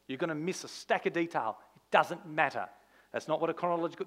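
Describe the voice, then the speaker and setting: A man, a pastor, preaching a sermon in an animated, conversational way, full of rhetorical questions. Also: fairly high pitch, fairly quick.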